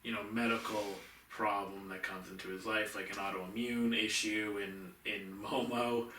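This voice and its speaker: A man's voice: lowish voice, flat delivery, moderate pace, sharp tone, recorded from a distance, slight background noise. A man co-hosting a casual movie review chat, easygoing and repeating words as he talks. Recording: echoey room, mic set back.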